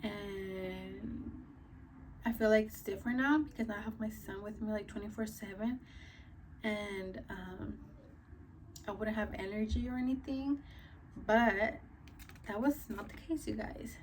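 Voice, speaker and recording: A woman's voice: mid-range voice, fairly even intonation, a little slow, pauses often, a little hiss or hum. Chatty young woman with a slightly distant mic. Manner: chatty, many fillers like "like" and "um". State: a little out of breath. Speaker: vlogger. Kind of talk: casual storytime chat.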